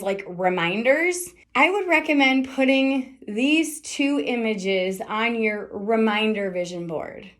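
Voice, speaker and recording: A middle-aged woman speaks a motivational podcast monologue in a fairly high voice. She talks candidly and emphatically, peppering her speech with rhetorical questions and casual swearing. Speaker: podcast host.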